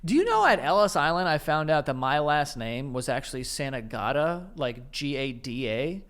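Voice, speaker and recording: A young man riffs in loose, profane chat as a podcast co-host. His voice sits a bit high and comes through smooth and clear. He rambles through his stories, piling on "like" and starting over mid-sentence. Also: big pitch swings, normal speed, a bit bright. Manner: rambling, profane storytelling with lots of "like". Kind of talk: casual chat.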